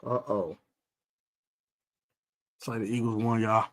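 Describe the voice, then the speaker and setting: A man with a fairly low voice hosting a casual postgame fan livestream. He rambles through fillers and false starts and trash-talks rival fans. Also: steady tone, normal speed, dry recording. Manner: rambling with many fillers and restarts, trash-talking. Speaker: fan podcast host. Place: stadium area after a game.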